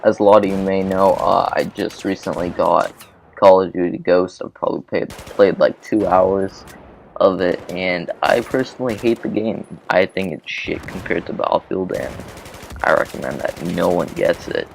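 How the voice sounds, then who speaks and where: A man's voice: low voice, normal speed, gravelly, slight background noise. A man hosting a gaming channel, telling a childhood story in a rambling, casual way with lots of swearing and fillers. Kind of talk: casual storytelling over gameplay.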